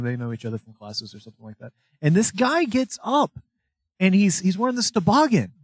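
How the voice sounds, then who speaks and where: A man's voice: mid-range voice, no echo. Rambling young man telling a story. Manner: rambling storyteller, swears, laughs often. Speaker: podcast co-host. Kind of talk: casual chat.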